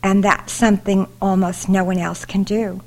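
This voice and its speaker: Woman voicing an old grandfather woodworker, quiet, tender, slow, storybook reading. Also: medium pitch, little pitch movement, lightly acted.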